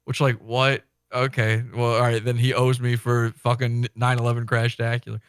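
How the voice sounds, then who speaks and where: A man chatting on a podcast, telling a story in an animated way. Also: medium pitch, moderate pace, clean tone, no echo, clean studio sound. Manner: animated storytelling, acts out quotes. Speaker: podcast guest. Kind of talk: casual chat.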